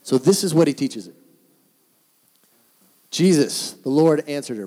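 A man preaching from the pulpit, his voice sitting a little on the higher side for a man. He tells stories with real animation, swinging between soft, tender lines and sudden loud bursts as he acts out the people he quotes. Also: lively intonation, unhurried, long pauses. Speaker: pastor. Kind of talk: sermon.

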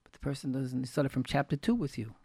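Gravelly man telling a moral story. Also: mid-range voice, lively intonation, fast, a little mellow, no echo. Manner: repeats key phrases for emphasis; folksy, retells anecdotes with quoted dialogue. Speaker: religious teacher. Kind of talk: storytelling Torah talk.

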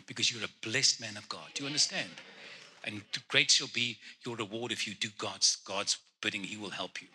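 A man ministering as a guest prophet, speaking directly to people in the congregation and teasing them with quick jokes. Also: lowish voice, sharp tone.

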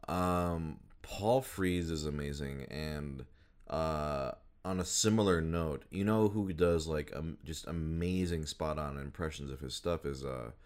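A man's voice: extremely low pitch, a little slow, darkish tone, clean tone. A man chatting casually about voice actors, rambling with many fillers and restarts.

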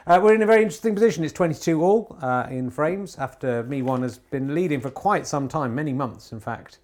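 A man hosting a podcast, doing mock snooker commentary at home in a deadpan ironic way, rambling with many filler pauses. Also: a little high. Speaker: podcast host. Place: home TV room.

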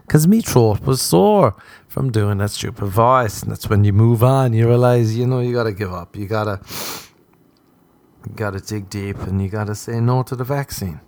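A man with a Cork Irish accent hosting a podcast, in a rambling, profane comedic monologue with muttered deadpan asides. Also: lowish voice, moderate pace, no echo. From Cork, Ireland. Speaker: podcast host.

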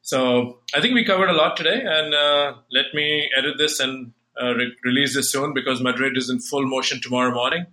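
A man's voice: medium pitch, fairly quick, few pauses, sharp tone, poor audio. A man hosting a tennis podcast, chatting casually with many fillers and restarts. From United States. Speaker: podcast host.

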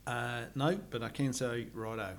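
A man's voice: fairly high pitch, lively intonation, a little fast. A man co-hosting a podcast in casual chat, self-deprecating and often repeating his words. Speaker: podcast co-host.

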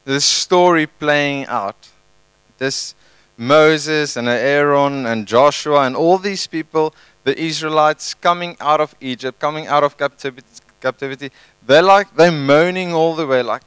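Male pastor, chatty sermon style, lightly raised pitch, dry. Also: a little slow, clean tone, no room sound, poor audio. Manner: conversational, animated, tag questions.

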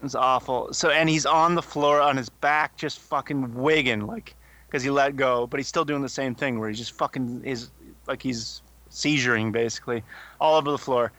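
Young guy podcast cohost, cursing nonstop, bright tense voice. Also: medium pitch, moderate pace, dry recording. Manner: swears constantly, rambling animated storytelling. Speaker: podcast co-host. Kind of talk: casual chat.

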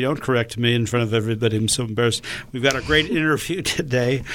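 A man's voice: medium pitch, steady tone, quick pace, hardly any pauses, a bit bright, a little hiss or hum. A man co-hosting a casual podcast, joking and teasing his co-host. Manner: jokey, teasing.

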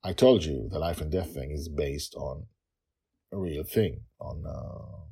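Brief: male podcast storyteller, very low voice, calm and measured, a bit husky. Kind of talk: story narration and personal anecdote.

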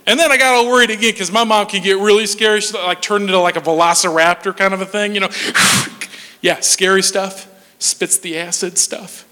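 A man in his forties telling a personal story to an audience, animated and jokey, with sudden drops to a hush. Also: high voice, brisk. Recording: long hall reverb.

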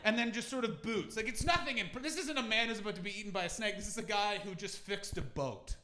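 A Canadian man doing a stand-up comedy set at a London pop-up venue, animated and sweary, with bursts of shouting. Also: high-pitched, quick pace, crowd noise. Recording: echoey live venue, audience noise.

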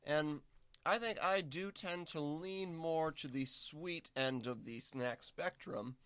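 A man with a somewhat raised pitch rambles through a casual snack-tasting chat with mock-serious gravity. He restarts his sentences often and talks while still chewing. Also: takes it slowly, fairly bright tone, clear, resonant tone, no echo. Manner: talks with mouth full while eating. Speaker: guest.

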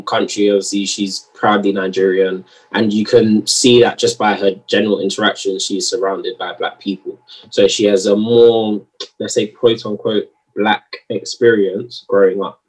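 A man's voice: lowish voice, husky, recorded from a distance, rough recording. A man in a heated, slangy podcast discussion, arguing his point. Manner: animated, slangy, argumentative.

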